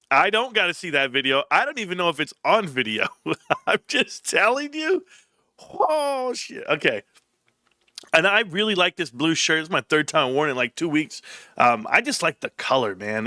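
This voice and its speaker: A man's voice: a little high, sharp tone, dry recording, clean studio sound. A man hosting his own livestream, chatting casually and rambling through stories with laughs. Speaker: livestream host.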